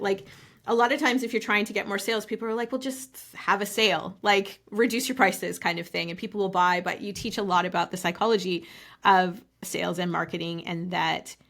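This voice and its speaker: A woman hosting a podcast and chatting with her guest at an ordinary middle pitch. She talks casually and fills her sentences with little fillers. She often murmurs agreement while he speaks. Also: gravelly, a bit bright. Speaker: podcast host. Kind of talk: conversational podcast interview.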